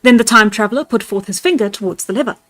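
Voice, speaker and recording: A woman's voice: on the high side, fast, fairly bright tone, dry recording. A woman reading a Victorian novella aloud on a live stream, chatting and laughing with her viewers between passages. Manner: laughs easily, chatty asides to chat.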